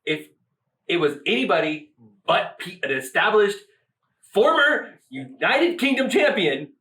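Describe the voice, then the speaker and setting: American man, casual podcast co-host, bright sharp tone, echoey room, away from the mic. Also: high-pitched, unhurried, far from the mic. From United States. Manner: animated, laughing, swears casually.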